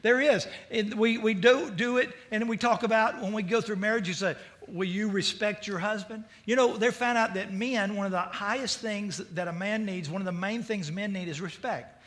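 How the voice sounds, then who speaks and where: A male pastor preaching with a high, forceful voice. He tells stories in an energetic, conversational way. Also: moderate pace, few pauses. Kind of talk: sermon.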